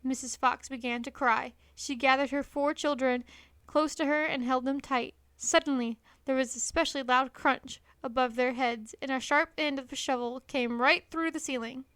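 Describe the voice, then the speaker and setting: Bright high-voiced woman reading a storybook aloud. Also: moderate pace, smooth, no echo. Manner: expressive, lively reading. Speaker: storybook reader.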